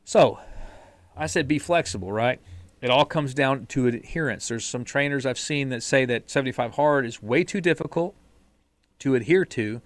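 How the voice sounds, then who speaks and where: A man's voice: mid-range voice, normal speed, no echo. A man co-hosting a podcast, talking bluntly and casually about discipline and sticking to a plan, sometimes restarting his words. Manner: blunt, mildly profane, repeats words when restarting. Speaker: podcast co-host. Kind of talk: casual motivational chat.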